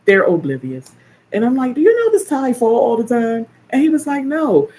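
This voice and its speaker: An older woman hosting a casual live stream, chatting and telling animated stories with playful teasing. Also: a little high, normal speed, slight background noise. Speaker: live stream host, caregiver. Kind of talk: casual chat.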